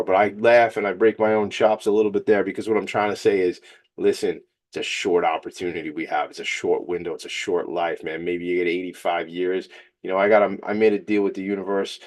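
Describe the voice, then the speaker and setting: A man hosting a radio show, fired up, joking and motivational. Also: low-pitched. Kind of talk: energetic radio monologue.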